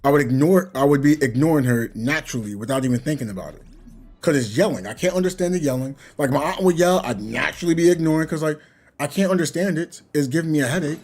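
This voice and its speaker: Over soft background music, a young gaming channel host talks fast in a slightly high, darkish-toned voice. He chats casually and reflectively as he plays, rambling and chuckling in between.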